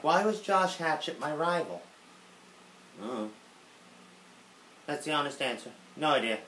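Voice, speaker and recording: A man's voice: mid-range voice, pushed and bright. Self-mocking male gaming host, casual Q&A, roomy sound. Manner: sarcastic, self-mocking, swears freely. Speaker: YouTuber host. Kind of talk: casual viewer Q&A. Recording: roomy room with faint noise.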